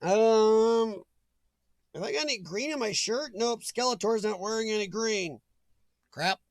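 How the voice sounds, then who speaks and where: A man's voice: high-pitched, measured pace, no echo. A man hosting a casual live chat, reading viewer names aloud and laughing often. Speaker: livestream host reading chat.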